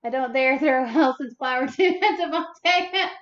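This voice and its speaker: A woman's voice: high-pitched, unhurried, fairly bright tone, highs cut off. A woman hosting a baking livestream, chatting casually with sassy, playful teasing and casual swearing. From United States. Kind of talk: casual chat while baking.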